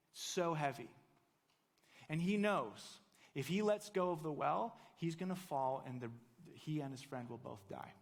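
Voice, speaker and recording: A pastor preaching a sermon, telling a story earnestly and building to fervent emphasis. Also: male voice, on the high side, big-room sound.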